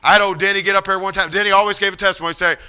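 A male preacher tells stories from the pulpit in an animated, folksy way. His voice is high and very bright. It rings smooth and clear. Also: very fast. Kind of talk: storytelling sermon.

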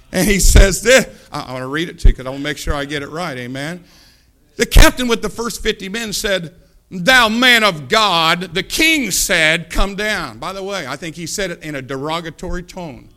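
A man preaching a sermon, fervent, swinging from low asides to loud climaxes and acting out Bible characters as he tells the stories. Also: lively intonation, brisk. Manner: acts out Bible characters in the telling.

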